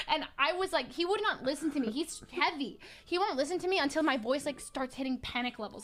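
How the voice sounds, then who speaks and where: A woman with a high voice tells a funny story in casual chat, acting out each person's lines between laughs. She keeps it lively and quick. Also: slight background noise. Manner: lively, acts out quotes, laughing.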